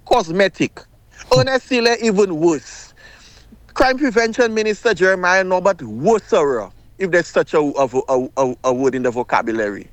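A man's voice: high voice, expressive, moderate pace, no echo. Impassioned man calling in. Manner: impassioned, emphatic, repeats himself. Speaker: caller. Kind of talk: call-in radio talk.

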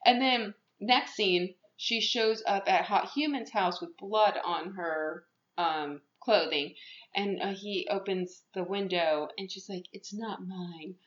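A woman's voice: medium pitch, slow, a bit bright. A woman podcast host recapping a movie plot in casual chat, rambling, with many fillers and restarts. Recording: echoey room, muffled lo-fi sound.

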